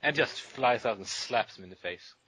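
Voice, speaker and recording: A man's voice: mid-range voice, expressive, normal speed, sharp tone, husky, no echo. A man co-hosting a comedy podcast, joking around loosely with friends. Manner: jokey, puts on silly foreign voices. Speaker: podcast co-host. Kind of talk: casual comedic banter.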